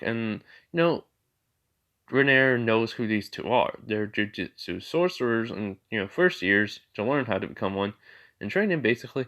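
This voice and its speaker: A man telling an improvised fan story in a casual, rambling way, full of fillers. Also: a bit bright. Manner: rambling, many fillers, jumps in pitch.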